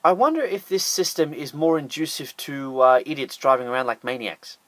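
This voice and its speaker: A man's voice: fairly high pitch, fairly quick, a bit bright, dry recording. An Australian man narrating a scripted top-ten list with sarcastic, jokey asides.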